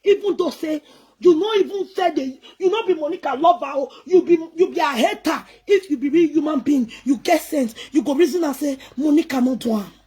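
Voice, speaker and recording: Nigerian pidgin accent, woman, high voice, scolding rant, defiant, repetitive. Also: a little fast, dark tone. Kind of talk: angry rant to camera.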